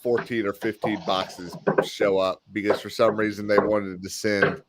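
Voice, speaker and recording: A man's voice: lowish voice, flat delivery, normal speed. Rambling casual man on a noisy stream. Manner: loose, rambling storyteller with frequent fillers. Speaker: stream host. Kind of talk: casual chat.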